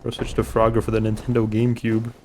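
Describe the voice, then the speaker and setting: A man's voice: on the low side, monotone, fast, a little mellow, a little hiss or hum. A man streaming a video game, chatting with his viewers and teasing enemies in a dry, joking way. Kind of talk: casual gameplay commentary. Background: game music.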